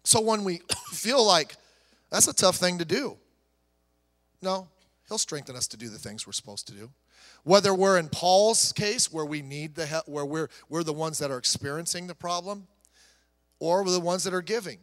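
A male pastor delivering a sermon, swinging between emphatic declarations and soft, conversational storytelling. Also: sits high, big-room sound.

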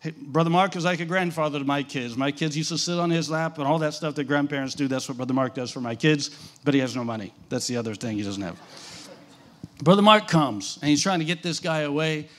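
Animated high-voiced missionary preacher man. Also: fairly quick. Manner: dramatic storyteller, asks audience questions. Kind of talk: animated sermon storytelling.

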